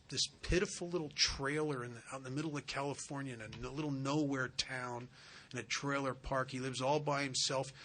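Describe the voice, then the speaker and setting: A man's voice: medium pitch, pushed and bright, a little hiss or hum. A man speaking at a spiritual retreat, telling a recovery story in an earnest way and acting out the dialogue. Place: retreat center hall.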